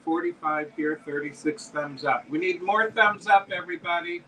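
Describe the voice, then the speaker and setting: A man's voice: a little high, level tone, normal speed, pushed and bright, far from the mic, a little hiss or hum, low-quality recording. A man hosting a live-stream jewelry auction, chatting as he describes pieces and calls out bids. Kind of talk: live auction selling chat.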